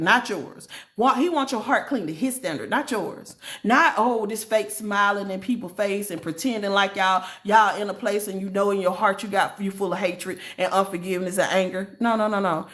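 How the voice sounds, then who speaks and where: Passionate preaching woman podcast host. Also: fairly bright tone. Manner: emphatic, passionate, with big rises in pitch; casual, informal speech. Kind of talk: preaching-style testimony.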